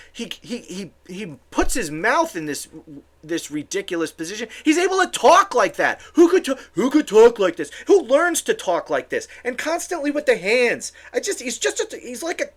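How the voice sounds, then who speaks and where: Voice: mid-range voice, a bit bright. A political commentary host ranting alone on camera, sarcastic and exasperated, often stumbling into restarts and repeated words.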